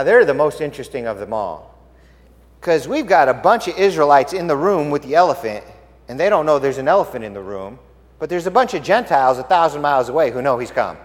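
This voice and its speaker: A man preaching a sermon, telling the story dramatically and swinging from hushed tones to loud exclamations. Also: medium pitch, big-room sound. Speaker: pastor.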